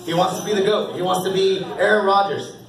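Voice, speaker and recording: Handing out awards at a youth football banquet, the coach keeps a steady tone and a brisk pace, his high voice cheerful, encouraging and full of laughter. A crowd murmurs behind him, and the big hall's echo carries him from a distance off the mic.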